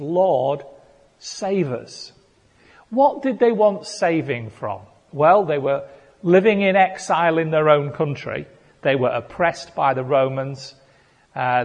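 A British man preaching a sermon, earnest and rising to fervent appeals. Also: fairly high pitch. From Britain. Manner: earnest, building to fervent crying out. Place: church hall. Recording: long hall reverb.

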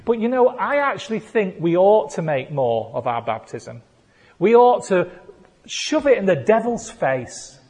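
A male pastor, preaching a playful sermon that builds to shouted declarations. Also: high voice, very animated, measured pace, breathy edge. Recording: long hall reverb.

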